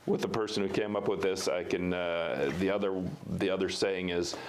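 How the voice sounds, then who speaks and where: A man's voice: low voice, fairly even intonation, normal speed, slight background noise. A middle-aged man from Minnesota, a university vice president, telling stories in a casual interview with many fillers and restarts.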